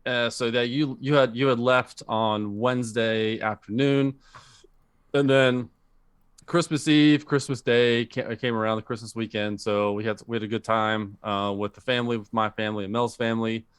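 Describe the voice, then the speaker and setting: A man's voice: mid-range voice, flat delivery, normal speed, clean tone, dry recording, clean studio sound. A man co-hosting a podcast, chatting casually about movies and rambling with lots of fillers and restarts. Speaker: podcast co-host. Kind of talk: casual chat.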